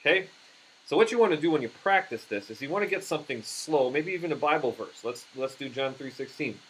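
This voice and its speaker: A man teaching puppetry in an instructional demonstration, talking haltingly with frequent restarts. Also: on the high side, expressive, a bit bright, breathy edge, poor audio.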